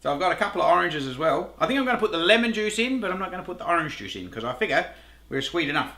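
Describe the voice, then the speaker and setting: Laid-back Australian host, middle-aged, bright voice that swings widely in pitch, echoey kitchen sound. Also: male voice, big pitch swings, very fast, a little hiss or hum. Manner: laid-back, rambling, swears casually, laughs at himself. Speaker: cooking show host. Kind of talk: casual cooking talk to camera.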